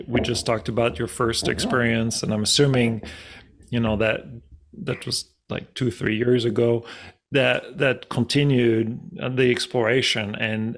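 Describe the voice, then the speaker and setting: A man hosting a podcast interview, affirming the guest and asking long, halting questions. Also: medium pitch. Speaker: podcast host.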